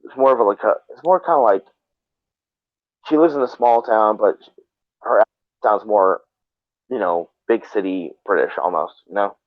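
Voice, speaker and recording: This live-stream host speaks in a low voice at normal speed, pausing often as he rambles, curses, and restarts his sentences in casual chat. His audio is thin and phone-like, dry, with no echo or room sound.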